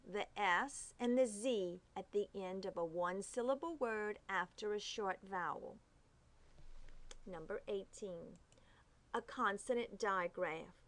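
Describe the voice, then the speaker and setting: A woman teaching phonics rules, reading each rule slowly and carefully, sounding out the letters. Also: mid-range voice. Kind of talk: phonics lesson.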